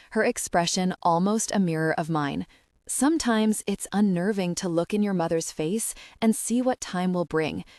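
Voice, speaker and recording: Female audiobook narrator, first person, reflective, lower pitch, dry studio sound. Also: darkish tone, dry recording.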